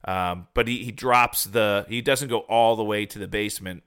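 A man's voice: on the low side, clean tone. A man in a casual chat, animatedly retelling a TV episode and acting out the characters' lines. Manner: animated retelling, acting out dialogue in quick voices. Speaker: podcast co-host.

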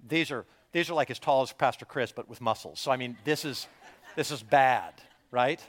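A man preaching, voicing frightened spies in a low, hushed, nervous tone. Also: normal speed, lightly acted. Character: fearful male spies, anxious and hushed. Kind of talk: sermon storytelling.

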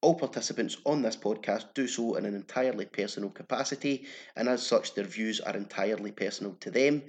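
A Scottish man hosting a football podcast, moving between a scripted intro, relaxed banter and plain reading of statements. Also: lowish voice, a little fast, hardly any pauses. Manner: steady, reads statements aloud plainly. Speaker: podcast host.

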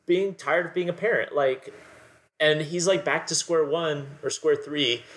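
A man's voice: a little high, a little slow, a bit bright. A man co-hosting a podcast, analyzing films in a rambling casual way, peppering his talk with "like". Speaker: podcast co-host. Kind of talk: casual film discussion.

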